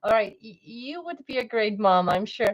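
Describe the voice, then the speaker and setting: A woman's voice: fairly high pitch, animated, moderate pace, highs cut off. A woman livestreamer chatting casually, rambling and cutting herself off, with frequent laughs. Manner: rambling, self-interrupting, laughs often.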